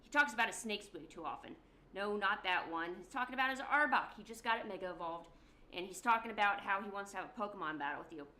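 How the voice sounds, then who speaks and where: Bright, chatty female streamer with a loose, joking storytelling manner, middle pitch. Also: lively intonation, fast. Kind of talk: casual livestream chat.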